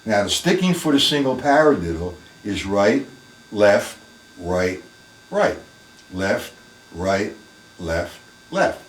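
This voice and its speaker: A man's voice: fairly low pitch, very animated, slow pace, pauses often, roomy sound, distant mic, poor audio. A man teaching a live online drum lesson, plain-spoken and emphatic, talking through the strokes as he plays them in his practice room.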